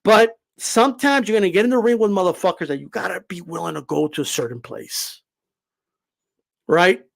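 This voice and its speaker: A man giving a casual, animated opinion rant as a boxing commentator, profane and full of fillers. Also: sits high, normal speed, vocal fry.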